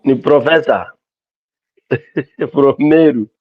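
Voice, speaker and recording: A man with a Kenyan accent hosting a casual call-in talk show, animated and mixing English with Swahili. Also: medium pitch, takes it slowly, dry recording, narrow, tinny audio. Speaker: host of a call-in political show. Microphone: streaming mic.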